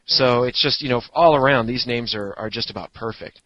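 An astronomer guest on a podcast chats casually, explaining things and clearly fond of puns. His mid-range voice is a little fast, pushed and bright, and the recording sounds dull and lo-fi.

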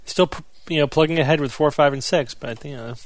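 A man hosting a casual podcast news segment, steadily walking through the news items with relaxed asides. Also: on the high side, fairly quick, dry recording. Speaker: podcast host.

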